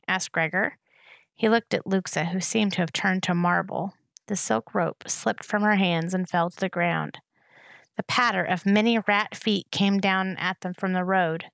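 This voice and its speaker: A woman reading a novel aloud in steady narration. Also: on the low side, normal speed, vocal fry, no room sound, clean studio sound. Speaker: reader.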